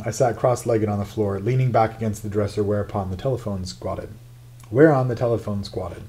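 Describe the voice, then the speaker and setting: A man's voice: lowish voice, moderate pace, mellow. A man narrating a first-person memoir in a wry, confiding storytelling manner. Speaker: audiobook narrator.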